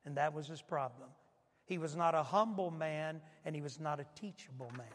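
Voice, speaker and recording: High-voiced preacher in a reverberant hall. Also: male voice, moderate pace, fairly bright tone. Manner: preaching with rising intensity and rhetorical questions. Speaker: pastor. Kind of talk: sermon.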